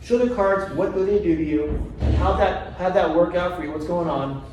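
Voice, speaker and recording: High-voiced male chiropractor in an echoey room. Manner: quizzes the audience with quick questions. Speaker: chiropractor teaching a seminar. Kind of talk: live seminar talk to a group. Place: seminar room. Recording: very echoey room, from far off, faint noise.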